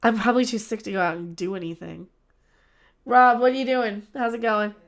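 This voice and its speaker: A woman's voice: fairly high pitch, fairly even intonation, a little fast. A young woman hosting a casual livestream, rambling and chatty, often trailing off and restarting. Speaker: livestream host.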